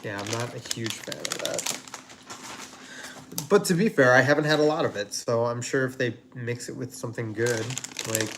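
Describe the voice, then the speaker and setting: A man's voice: medium pitch, moderate pace, fairly bright tone, a little hiss or hum. A man hosting a casual cooking livestream from his home kitchen, rambling and chatty with lots of fillers. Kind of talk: casual live-stream chat.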